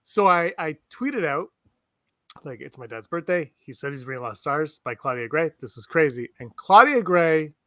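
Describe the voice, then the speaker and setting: A man co-hosting a podcast, chatting casually and telling rambling, animated stories full of restarts. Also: a little high, moderate pace, dry recording. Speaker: podcast co-host. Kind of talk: casual chat. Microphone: streamed remote podcast setup.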